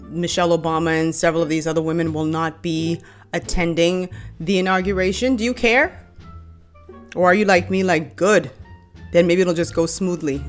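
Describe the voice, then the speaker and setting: A Bahamian woman in her thirties who talks bluntly and with animation straight to her viewers. Her voice sits a little low. Faint music plays underneath. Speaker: vlogger. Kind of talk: casual opinion vlog.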